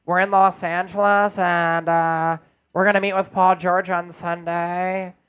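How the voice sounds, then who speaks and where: A man doing an impression of a calm, measured male basketball executive with a flat, slow delivery. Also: sits high, clean tone, highs cut off. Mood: deadpan.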